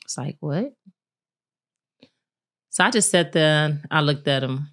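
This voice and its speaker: A woman's voice: low-pitched, fairly quick. A married woman co-hosting a podcast, candidly telling a personal story in casual chat and acting out what people said. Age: adult, married with a son. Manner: candid, animated retelling with laughs and acted-out quotes. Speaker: podcast co-host.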